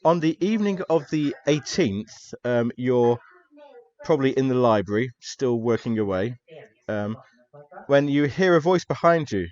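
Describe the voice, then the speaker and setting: A man's voice: medium pitch, unhurried. A man narrates a tabletop horror game in an easygoing, casual manner with a middling voice. The recording sounds a little dull and lo-fi. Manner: relaxed, casual narration with fillers. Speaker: game master. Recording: slightly dull lo-fi audio.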